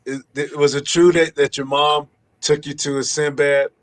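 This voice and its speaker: A man co-hosting a podcast who chats loosely and rambles through his questions, laughing along. His voice sits a touch higher than most men's. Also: little pitch movement, moderate pace. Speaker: podcast co-host. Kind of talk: casual chat.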